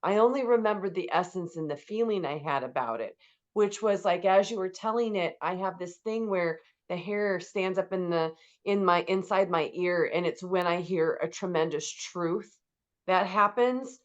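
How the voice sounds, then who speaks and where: A woman's voice: fairly low pitch, moderate pace, dull audio. A woman hosting an interview, talking enthusiastically and effusively, with lots of "like". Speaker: podcast host. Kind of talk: interview conversation.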